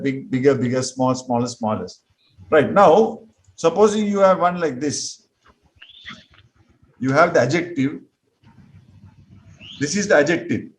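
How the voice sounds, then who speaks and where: Male English teacher, somewhat high voice, patient, slow and repetitive drilling. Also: poor audio. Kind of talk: classroom grammar lesson.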